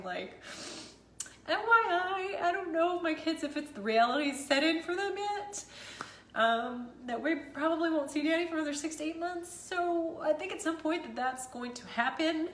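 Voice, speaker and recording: A woman's voice: high-pitched, a bit bright, reverberant, slight background noise. A woman in her thirties, a mother vlogging about a hard day, emotional and rambling, teary and laughing at herself. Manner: tearful, rambling, self-deprecating, laughs through it. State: teary after crying. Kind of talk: emotional personal vlog.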